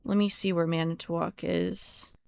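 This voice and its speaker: A woman's voice: on the low side, little pitch movement, normal speed, gravelly, a little mellow, clear, resonant tone. A young American woman livestreaming in casual chat, rambling and easily surprised, now and then swearing when startled. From United States. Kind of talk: casual live-stream chat.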